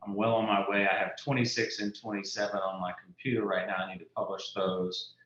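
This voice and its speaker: A very low-pitched man in his fifties from South Louisiana. He talks in an easygoing, storytelling way as an interview guest. The audio is roomy and slightly dull, like a remote call. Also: flat delivery, fairly quick, fairly bright tone. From South Louisiana, USA. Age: 50s. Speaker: author guest. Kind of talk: casual interview conversation. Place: indoors at home.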